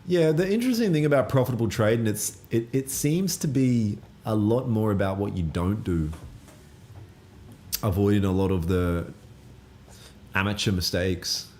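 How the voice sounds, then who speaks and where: A man's voice: on the low side, lively intonation, moderate pace, darkish tone. A man hosting a live trading stream, answering viewer comments in a laid-back, slangy, blunt way and swearing now and then. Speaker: trading livestream host.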